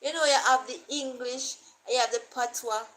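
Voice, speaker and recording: A woman's voice: high voice, fairly even intonation, moderate pace, fairly bright tone, rough recording. A Jamaican woman vlogger chatting casually to camera, rambling and repeating herself as she thinks aloud.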